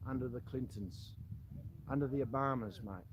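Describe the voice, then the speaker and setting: A man's voice: mid-range voice, moderate pace, background noise. A man with an Australian accent, a former army soldier, making a direct-to-camera appeal that confronts the listener and keeps calling him "mate".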